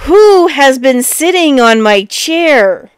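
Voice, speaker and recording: A woman voicing a great big male bear in a storybook, cross and booming, with a loud, slow, emphatic delivery. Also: lively intonation, no room sound, studio quality.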